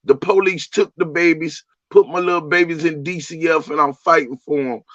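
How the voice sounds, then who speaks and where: Guy bragging crude about his songs, kinda high voice, muffled close recording. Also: steady tone, moderate pace, a bit bright, no echo. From Miami, USA. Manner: boastful, crude, streetwise. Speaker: musician guest. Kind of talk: casual interview chat. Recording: dull lo-fi audio.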